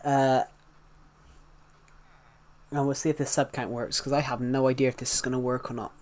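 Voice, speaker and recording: A man's voice: mid-range voice, little pitch movement, moderate pace, a little mellow. A man chatting casually on a live stream, greeting viewers and rambling as he reacts to the chat in front of a desktop mic.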